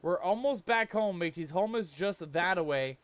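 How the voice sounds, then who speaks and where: A man playing a survival horror game and commenting as he goes, calling his viewers "mateys" and shouting when he gets scared. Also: high-pitched, moderate pace. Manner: jumpy, excitable, loud when scared. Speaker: gaming YouTuber. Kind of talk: let's play commentary.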